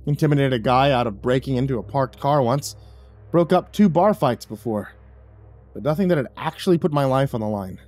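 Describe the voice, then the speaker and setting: A man narrating a first-person horror story with dramatic delivery, dropping low and soft on the grim lines. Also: expressive, a little fast, soft background music.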